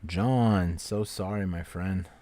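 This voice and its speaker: Names get called out one by one by a deep-voiced giveaway host who takes things slowly. He's casual and friendly, repeating "so sorry, my friend" to every name and shifting from loud announcements to quiet asides.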